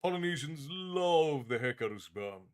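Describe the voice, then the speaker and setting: A man's voice: fairly high pitch, expressive, normal speed. Easygoing man hosting a live chat. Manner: friendly and easygoing, stumbling restarts. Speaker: livestream host, tavern keeper persona. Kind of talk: casual livestream chat, reading viewer comments aloud.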